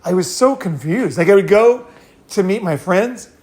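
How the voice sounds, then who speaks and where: High-voiced man telling rambling stories. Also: animated, moderate pace, darkish tone. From California. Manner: rambling, laughing, swearing freely. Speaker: host. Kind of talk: casual storytelling and advice.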